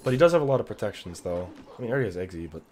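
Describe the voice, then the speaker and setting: A man casting a video game match, chatty and excitable, laughing and cursing at big plays. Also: lowish voice, rapid-fire. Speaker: caster. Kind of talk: casual game commentary. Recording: background noise.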